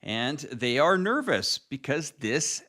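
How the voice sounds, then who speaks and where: A man from Canada co-hosts a casual political chat, earnest and a little worried. His tone is bright and forward, at a mid pitch. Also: big pitch swings, slow. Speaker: co-host of a live talk stream.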